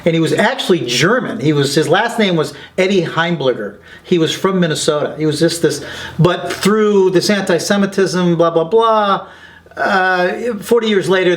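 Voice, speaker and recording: Fairly high-pitched and fairly quick, a man interviewed about his documentary work spins energetic, animated stories. He's excited throughout, acting out whoever he's quoting with lively voices.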